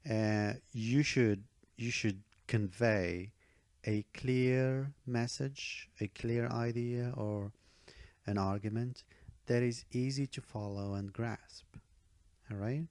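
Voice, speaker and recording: A man's voice: medium pitch, steady tone, takes it slowly, darkish tone, dry recording, studio quality. A man teaching speaking-test tips in an online tutorial, emphatic, repeating key advice and checking in with "okay?" and "all right?".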